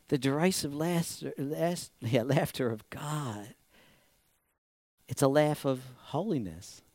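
High-voiced man preaching a dramatic sermon. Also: a little mellow, dry recording. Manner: dramatic preaching, acting out God's voice and quotes with big swings in volume. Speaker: pastor.

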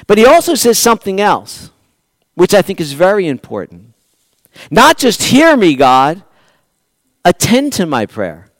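A man preaching with a fairly high voice, recorded close and dry with no room sound. He swings between loud, pleading lines and quiet, hushed asides to his listeners. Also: huge pitch swings, a little slow, pauses often, no room sound. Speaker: pastor. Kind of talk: sermon.

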